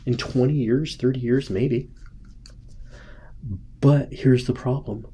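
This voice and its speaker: A man's voice: mid-range voice, fairly even intonation, a little slow, dark tone, slight background noise. A man hosting a casual political commentary show from home, rambling and often restarting or rephrasing his points. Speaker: host. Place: home, with a sleeping child nearby.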